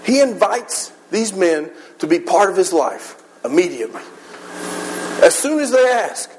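A man's voice: high voice, sing-song, a little slow, low-quality recording. A man preaching a sermon in church, earnest and conversational, acting out little voices as he retells a scene.

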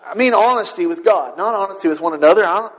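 Male pastor, sermon delivery, higher-pitched, emphatic and questioning, recorded in a church with a long echo. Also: quick pace. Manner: earnest, rhetorical questions, emphatic repetition. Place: church sanctuary. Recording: long hall reverb.

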